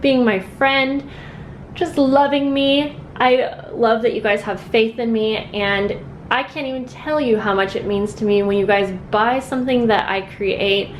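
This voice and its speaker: A woman's voice: mid-range voice, fairly even intonation, moderate pace, a little hiss or hum. A young woman vlogging from home about her handmade journals, chatty and earnest, rambling between thoughts. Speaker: craft vlogger. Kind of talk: casual chat to camera.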